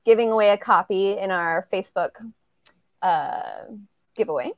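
A woman's voice: medium pitch, normal speed. A woman who writes romance novels, reading her own chapter aloud as a guest on a podcast over a video call. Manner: casual, laughs easily between lines.

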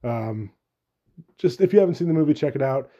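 A man's voice: mid-range voice, animated, brisk, mellow, muffled recording. Rambling joking man on a podcast. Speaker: podcast host. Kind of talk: casual solo podcast chat.

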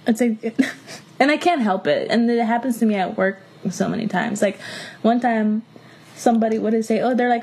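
A little high and a little fast, this voice belongs to a young Miami woman co-hosting a podcast. In casual chat she tells blunt, profane stories and acts out other people's words with animated voices.

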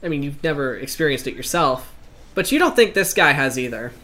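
A man's voice: fairly high pitch, lively intonation, a little fast, sharp tone. A man narrating a tabletop game as game master, rambling with many fillers.

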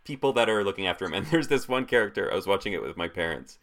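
A young man in his twenties with a very low, deep voice, talking casually about films. He rambles and leans on "like" constantly. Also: sing-song, rapid-fire, fairly bright tone. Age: 20s. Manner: filler-heavy, rambling with frequent "like". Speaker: podcast co-host. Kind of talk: casual chat about movies.

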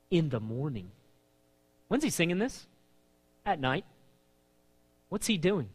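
Male preacher, high and very lively delivery, booming in a hall with long reverb. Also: breathy edge. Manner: impassioned, reads scripture aloud with rising pitch and slowed emphasis. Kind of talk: sermon.

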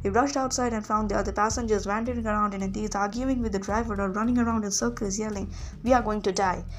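A woman's voice: medium pitch, fast, slight background noise. Woman reading a novel aloud. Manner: lively first-person narration with small slips. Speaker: audiobook reader.

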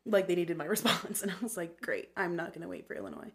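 A woman's voice: fairly low pitch, fast talker, creaky. Chatty young woman telling a story. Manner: chatty storyteller, fills speech with "like". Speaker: podcast guest. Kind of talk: casual chat. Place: podcast recording.

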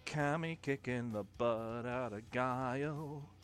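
A man's voice: medium pitch, slow pace, faint music behind. A young man giving casual gameplay commentary, chatty and rambling, often breaking off into baby talk. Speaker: gaming video creator.

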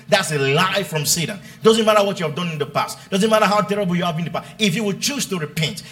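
A man's voice: high-pitched, a bit bright. A male pastor preaching a sermon in church, asking the congregation for amens and acting out Bible scenes. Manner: preaching with call-and-response prompts and dramatized Bible quotes.

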